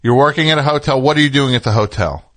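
A man's voice: mid-range voice, fast, a bit bright. A man hosting a call-in radio show, sarcastic and riffing with mock exasperation at callers. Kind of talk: casual call-in radio chat.

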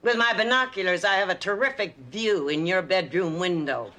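A woman's voice: fairly low pitch, normal speed, bright, forceful tone. An actress playing a nosy, spiteful old woman neighbor who spies and makes snide, cutting remarks in a sitcom.

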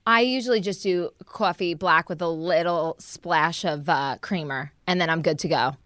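A woman's voice: lowish voice, moderate pace, a bit bright, dry recording, clean studio sound. A young woman from New Jersey hosting a podcast, chatting casually, swearing now and then and restarting her sentences. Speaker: podcast host. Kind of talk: casual chat.

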